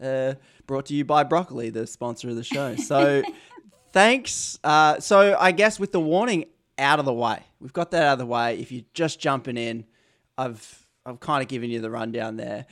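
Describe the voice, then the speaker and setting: A young Australian man hosts a chatty podcast interview, wandering into jokey tangents and mocking himself as he goes. His voice sits at an ordinary middle pitch. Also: moderate pace, a bit bright. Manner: rambling, self-mocking, jokey asides. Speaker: podcast host. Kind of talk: casual interview chat.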